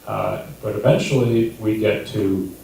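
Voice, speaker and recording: Deadpan man doing stand-up, far and echoey. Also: fairly low pitch, measured pace, gravelly. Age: 30s. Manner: deadpan, crude, self-deprecating. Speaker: stand-up comedian. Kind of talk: stand-up set. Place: comedy club stage. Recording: echoey distant room recording with noise.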